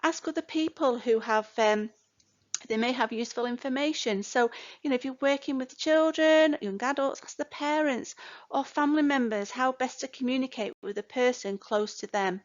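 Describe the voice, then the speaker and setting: A woman's voice: high voice, normal speed. Chatty older woman tutor, lo-fi sound. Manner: chatty, many fillers and "you know" asides. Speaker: care course tutor. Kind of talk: recorded lecture. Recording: dull lo-fi recording.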